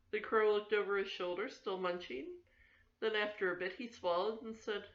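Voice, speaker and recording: An older woman reading a children's story aloud for her grandchildren, gentle and steady, in a roomy, slightly dull home recording. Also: mid-range voice, normal speed.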